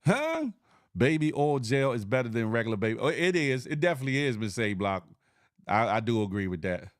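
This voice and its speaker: A man's voice: a little fast, no room sound, clean studio sound. A man with a Southern US accent hosting a casual morning live stream, reading chat comments aloud and laughing often. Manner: animated, laughing, big pitch swings.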